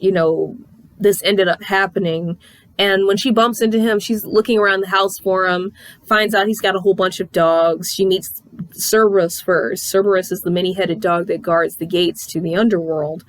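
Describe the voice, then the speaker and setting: A woman recaps a comic in a loose, animated chat, swearing casually and slipping into character voices. Her voice sits at an ordinary pitch, and the recording is dry and close. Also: normal speed, no echo. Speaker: comic reviewer.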